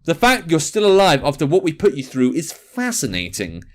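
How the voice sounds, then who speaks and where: A man voicing a cold, scheming female scientist in a game, speaking slowly and calmly. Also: on the high side. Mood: cold menace.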